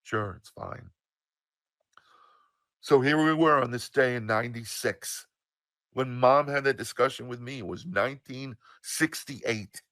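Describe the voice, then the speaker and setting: Forceful older man telling his story. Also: mid-range voice, dry recording. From United States. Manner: animated, emphatic, swears, drawn-out pauses. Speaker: storyteller, show host. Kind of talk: casual personal storytelling.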